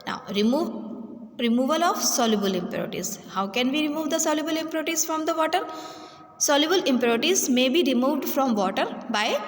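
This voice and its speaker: A woman's voice: high-pitched, expressive, a little hiss or hum. Woman teacher in an echoey room. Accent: Indian English. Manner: halting, restarts and repeats words while explaining. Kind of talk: online class lecture. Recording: roomy echo with long reverb, faint ambience.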